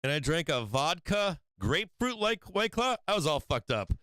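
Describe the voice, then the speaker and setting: A man's voice: on the high side, big pitch swings, normal speed, a bit bright, dry recording. Profane, rambling stream host man. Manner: profane, rambling, laughs often. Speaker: stock trading livestream host. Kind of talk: casual livestream chat.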